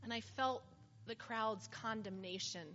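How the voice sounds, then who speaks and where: A woman playing a weary healed woman, slow and earnest. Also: a little high, a bit bright. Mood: heartfelt. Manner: earnest, heartfelt testimony. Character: weary woman made whole after years of suffering. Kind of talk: first-person dramatic monologue. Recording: slightly muffled with faint hiss.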